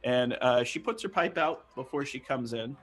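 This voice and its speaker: A man narrating as game master of a tabletop game, unhurried, with many fillers. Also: medium pitch, fairly bright tone.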